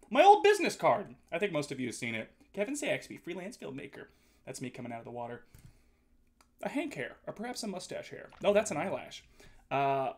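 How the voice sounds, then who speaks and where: A man's voice: fairly high pitch, a bit bright. A man streaming live, chatting casually and playfully with his viewers, reading their messages aloud and joking back.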